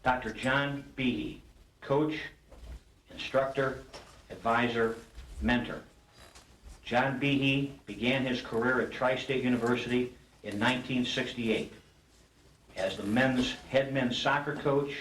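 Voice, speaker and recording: A man's voice: medium pitch, a little slow, long pauses, a bit bright, slight background noise. Man reading a formal award introduction. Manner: formal, stumbles while reading. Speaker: presenter at award ceremony. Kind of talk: formal introduction read from notes. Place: banquet hall. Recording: roomy hall recording from a distance.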